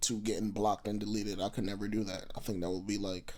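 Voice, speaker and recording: A young man co-hosting a podcast, teasing and quick with comebacks. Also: fairly low pitch. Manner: animated, teasing, quick retorts. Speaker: podcast co-host. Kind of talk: casual podcast banter. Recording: clear background noise.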